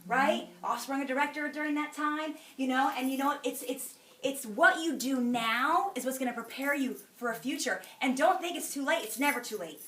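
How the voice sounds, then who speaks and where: A woman's voice: high-pitched, moderate pace, fairly bright tone. A middle-aged woman giving an emphatic, chatty motivational testimony to a group, preachy in tone and laughing now and then between lines. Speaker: sales director speaking to a group. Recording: echoey hall, speaker far from mic.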